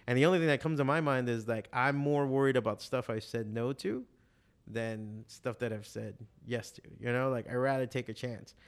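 A man in his forties talks in a loose, rambling way, swearing often and piling up fillers. His pitch sits in the middle range for a man. He tells stories in a casual chat. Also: steady tone, moderate pace, clean tone. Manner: profane, rambling storytelling with many fillers. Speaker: stand-up comedian and podcast guest.

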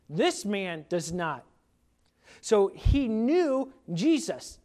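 Male preacher, high tenor register, earnest and emphatic sermon delivery. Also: sing-song, measured pace, darkish tone.

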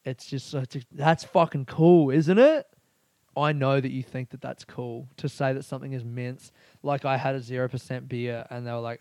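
A man's voice: medium pitch, steady tone, moderate pace, a little mellow, no room sound. A man hosting a casual solo podcast, rambling and swearing freely as he talks. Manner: rambling, profane and laughing. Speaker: podcast host.

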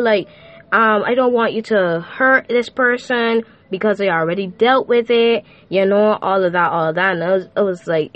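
A young woman vlogger with a medium-pitched voice, recorded lo-fi, talks casually to her viewers about her faith. Her monologue is chatty and slangy, full of fillers.

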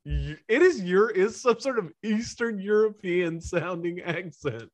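Podcast co-host, man, a bit high voice, rambling casual movie chat. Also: lively intonation, a little slow. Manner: rambling with frequent "like" and laughter.

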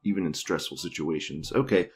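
A man's voice: low voice, a little fast, slightly rough, faint music behind. A man hosting a podcast, giving crude, profane, offhand commentary and often laughing as he reacts to videos. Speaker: podcast host.

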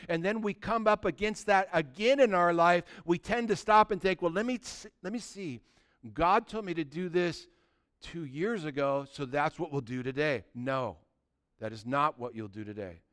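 A male pastor preaching a sermon with passion, rising to loud exhortations and dropping to hushed, drawn-out emphasis, and briefly acting out the voices of people he quotes. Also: a little high.

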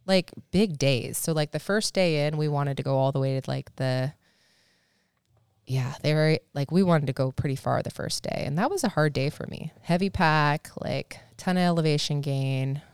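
A woman, a podcast guest, chatting casually and telling a story with animated delivery, casual swearing and acted-out quotes. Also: sits low, moderate pace, clear, resonant tone, no echo, studio quality. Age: adult, married.

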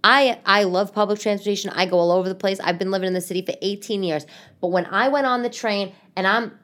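Brief: woman comic host, mid-pitched voice, chatty and rambling, talking straight to the listener from her living room. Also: fast. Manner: rambling, animated, with frequent restarts and swearing. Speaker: podcast host and comedian. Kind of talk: casual comic monologue.

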